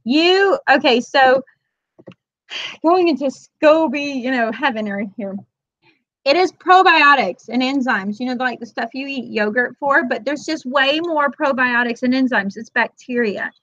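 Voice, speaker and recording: High-voiced chatty woman host, dull dry audio. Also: a little slow, fairly bright tone, no echo. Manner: chatty storyteller who acts out friends' lines in quotes; addresses viewers as "girl". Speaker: host of a weekly moms' chat. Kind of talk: casual live chat to viewers.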